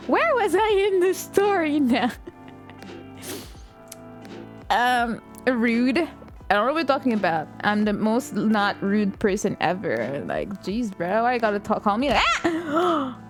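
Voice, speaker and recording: High pitched girl streamer chatting w chat, laughs a ton, faint music behind. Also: takes it slowly, long pauses. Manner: excitable, laughs often, shrieks at game moments. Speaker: live streamer. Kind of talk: casual chat while playing a game with viewers.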